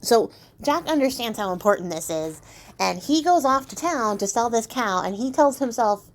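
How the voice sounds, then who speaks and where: A woman's voice: fairly high pitch, animated, moderate pace. Chatty, sarcastic young woman storyteller. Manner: chatty, sarcastic, lots of fillers. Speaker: channel host, storyteller. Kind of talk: casual storytelling.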